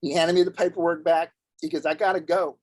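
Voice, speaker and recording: A man's voice: a little high, little pitch movement, fairly quick, a little mellow, no room sound, rough recording. A man on a video call, telling a personal story in an earnest, folksy way as a guest speaker.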